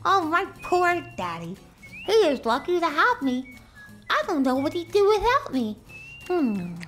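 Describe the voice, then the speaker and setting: A woman's voice: high voice, exaggerated voice. A woman voicing a chatty, bossy and forgetful little girl dog in a comedy web series, musing aloud and easily startled. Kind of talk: comedic voice-over. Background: music.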